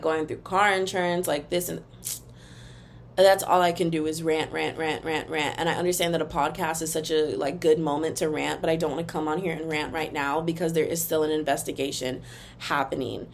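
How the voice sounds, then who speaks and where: A woman's voice: low-pitched, slight background noise. A young woman hosting a podcast, ranting casually and animatedly to her listeners. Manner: animated and expressive, sings snippets, talks to listeners as "girl" and "y'all". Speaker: podcast host.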